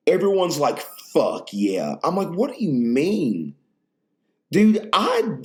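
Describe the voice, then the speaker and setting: A man hosting a podcast in casual chat, rambling, profane and full of slang. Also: on the high side. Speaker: podcast host.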